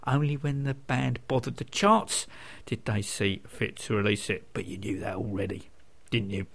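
A man's voice: lowish voice, normal speed, creaky, slightly rough. A man hosting a radio music show, chatting between songs with dry, wry asides.

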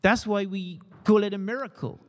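A man's voice: high voice, fairly even intonation, normal speed, long reverb tail. A man preaching a sermon in a conversational way, putting questions to his congregation.

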